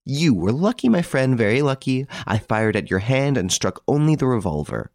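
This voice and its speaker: A suave gentleman thief sneers and gives orders, as a male reader puts him on. His tone is mocking and sure of itself, lifted above a deep reading voice. The sound is dry and close. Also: big pitch swings, fairly quick, no room sound. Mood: sneering. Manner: mocking, authoritative.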